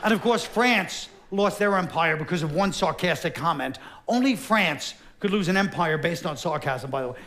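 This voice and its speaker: A middle-aged comedian, speaking in a fairly high voice for a man, working a live theater crowd with sardonic, deadpan delivery. Faint hum of the room behind him. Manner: sardonic, deadpan, quick asides, drops into put-on voices. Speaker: stand-up comedian. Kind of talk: stand-up comedy. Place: Broadway theater stage, live audience. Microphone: stage microphone.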